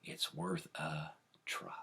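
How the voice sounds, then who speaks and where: A storyteller putting on the voice of Jack, an easygoing grown man who tinkers with wild schemes, speaking low and drawling. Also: level tone, slow pace, bright, forceful tone, husky, heavily acted. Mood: laid-back.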